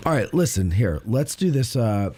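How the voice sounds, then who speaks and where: A man's voice: medium pitch, sing-song, normal speed, warm tone, dry recording. A man co-hosting a casual studio chat, joking and telling stories. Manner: joking, storytelling, mimics voices. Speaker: co-host.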